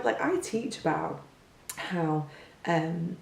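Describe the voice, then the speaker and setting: Chatty woman, gravelly and low. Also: normal speed, dark tone. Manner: chatty, lots of "like" fillers, rhetorical questions. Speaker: teacher. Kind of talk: casual opinion monologue. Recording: distant mic in an echoey room with faint hum.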